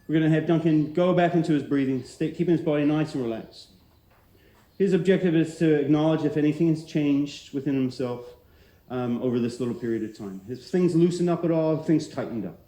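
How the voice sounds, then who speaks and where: A man wearing a headset mic who calmly guides a student through a breathing and relaxation drill, letting his phrases trail off softly. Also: fairly high pitch, a little fast. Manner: calm, steady instruction with soft trailing ends. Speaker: martial arts instructor. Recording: roomy echo.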